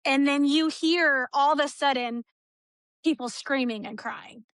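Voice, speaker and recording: A woman's voice: sits high, a little slow, fairly bright tone, no room sound. A woman from Texas, a guest in an interview, giving an emotional personal account and acting out the dialogue as she tells it. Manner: storytelling, acts out quoted dialogue.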